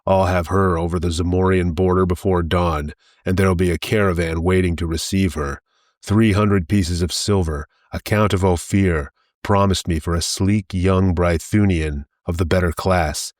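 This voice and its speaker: A man's voice: low-pitched, fairly even intonation, normal speed, a little mellow, no room sound, studio quality, natural voice. A man voicing a fat, boastful rogue who blusters and mocks. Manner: blustering, mocking. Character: fat boastful middle-aged male rogue, jeering.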